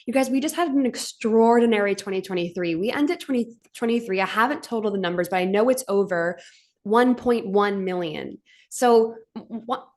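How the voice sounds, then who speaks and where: A woman hosting a live stream for her business community, speaking in a gushing, heartfelt way with frequent "like" fillers. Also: medium pitch. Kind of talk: emotional motivational live stream. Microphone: webcam on a live stream.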